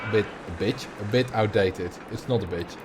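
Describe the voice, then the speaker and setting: A man's voice: fairly low pitch, moderate pace, crowd noise, noisy background. Chatty Dutch man streaming a game. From Netherlands. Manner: chatty, laughs often, jokes about words. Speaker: livestreamer. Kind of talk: casual gameplay commentary.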